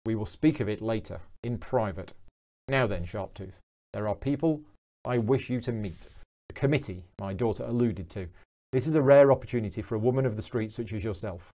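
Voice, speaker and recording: A man's voice: on the low side, a little fast, dark tone, close to an everyday voice. A man voicing a stern, cold and formal wealthy father from a game, in clipped commanding sentences.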